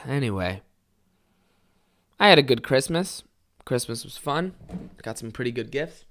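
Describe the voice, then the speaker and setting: A young man with a fairly high voice hosting a casual solo podcast, rambling and swearing a lot as he tells stories. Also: takes it slowly, vocal fry, long pauses, slight background noise. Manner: rambling, heavy swearing, animated storytelling. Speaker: podcast host.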